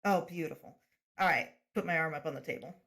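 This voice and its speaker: A player in a tabletop role-playing game, making playful, quick quips. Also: mid-range voice, fairly bright tone. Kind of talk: casual tabletop game play.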